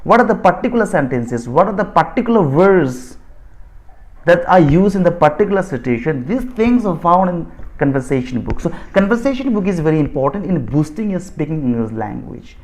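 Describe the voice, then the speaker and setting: A man's voice: a little high, sing-song, fairly quick. Indian-accented man teaching spoken English. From Assam, India. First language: Bodo. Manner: repetitive, insistent, rewords phrases and restarts often. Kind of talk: explanatory lecture.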